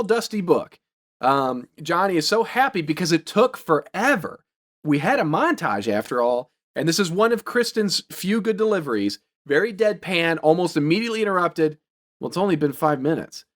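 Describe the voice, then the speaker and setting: A young man talks through a movie plot for his podcast co-hosts in a loose, joking way. His voice sits a bit high and jumps around a lot. He swears and laughs freely. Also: big pitch swings, moderate pace, a bit bright. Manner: swearing, laughing often, quoting lines in silly voices. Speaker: podcast co-host recapping a movie. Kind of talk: casual movie recap chat.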